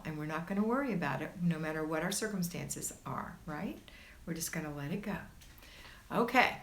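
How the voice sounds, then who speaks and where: A woman hosting a casual livestream, reading viewer comments aloud and reassuring her viewers in a chatty way. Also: low voice. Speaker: homemaking livestream host.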